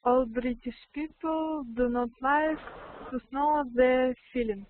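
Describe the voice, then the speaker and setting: A woman learning English, giving soft, tentative answers in a group lesson. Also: high-pitched, slow pace, slight background noise. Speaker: English student. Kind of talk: lesson participation. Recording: tinny online call line.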